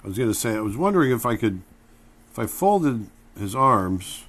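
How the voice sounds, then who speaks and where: A man's voice: mid-range voice, normal speed. Man teaching drawing while he sketches. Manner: relaxed, acts out emotions in bursts while drawing. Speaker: drawing instructor.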